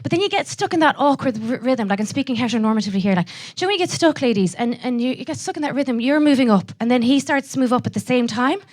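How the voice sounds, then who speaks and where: A young Irish woman doing a live stand-up set, brash and profane, throwing quick asides to the audience. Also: sits high, animated, a little mellow. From Ireland. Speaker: stand-up comedian.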